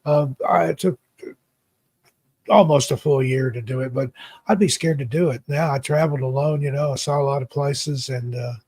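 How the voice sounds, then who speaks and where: An American guest, an author and YouTuber, chats casually, spinning long, rambling travel stories and often stammering when he restarts a sentence. His mid-range voice is a bit mellow and slightly rough, moving at a moderate pace, and the recording is dry.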